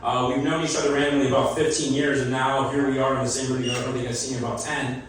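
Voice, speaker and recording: A man's voice: mid-range voice, little pitch movement, racing, recorded from a distance, a little hiss or hum. A middle-aged man doing a loose, rambling stand-up comedy set on a club stage, laughing at his own jokes. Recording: echoey club, mic heard from afar, loud crowd.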